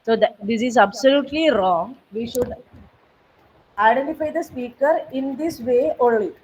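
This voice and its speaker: A woman's voice: on the high side, moderate pace, darkish tone, recorded from a distance, a little hiss or hum, low-quality recording. Woman teaching on a video call. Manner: patient, repetitive step-by-step instructions with fillers. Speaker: software trainer. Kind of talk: online training session walkthrough.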